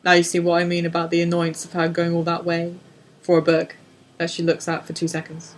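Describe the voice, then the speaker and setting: A woman co-hosting a podcast, chatting casually through a film commentary, joking and swearing and acting out characters in quick asides. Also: lowish voice, completely flat delivery. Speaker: podcast co-host.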